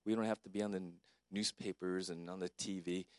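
A man's voice: low-pitched, fairly even intonation, a little fast, dry recording, clean studio sound. A middle-aged man, a pastor, giving a personal, conversational eulogy at a memorial service. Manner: conversational, warmly personal, with filler words.

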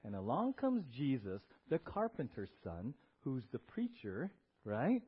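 A male pastor preaching a sermon in a church. He is animated and emphatic and asks the congregation questions. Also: medium pitch, measured pace, breathy edge. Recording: dull lo-fi recording.

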